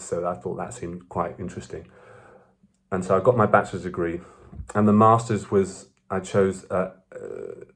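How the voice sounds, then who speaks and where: Rambling young man. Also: deep voice. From Belgium. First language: French. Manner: rambling, self-correcting, animated. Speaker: vlogger. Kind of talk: casual storytelling.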